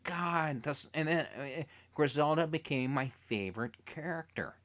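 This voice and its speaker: A man interviewing a TV creator as a fan, telling stories in an animated way and acting out quotes. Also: a little high, a little slow. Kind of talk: casual interview chat.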